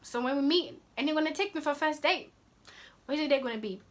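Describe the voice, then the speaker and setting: Young woman vlogger, high voice, sassy and scolding, casual advice to camera. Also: quick pace.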